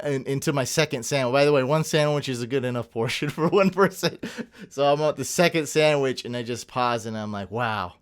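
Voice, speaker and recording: A young man co-hosting a podcast, chatting casually and telling an animated story full of tangents and laughs. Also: medium pitch, clean tone. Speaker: podcast co-host. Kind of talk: casual chat.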